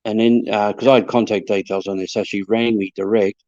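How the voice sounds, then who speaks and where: A man's voice: lowish voice, little pitch movement, brisk, darkish tone, dry recording. A man, a paranormal investigator, telling stories in a casual chat, hesitant and repeating words as he goes. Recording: slightly dull lo-fi sound.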